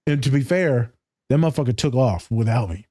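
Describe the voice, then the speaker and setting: A man hosting a casual podcast, from Michigan, telling profane, animated stories and acting out quotes. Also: mid-range voice, fairly quick, no room sound, studio quality. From Michigan, USA. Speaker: podcast host.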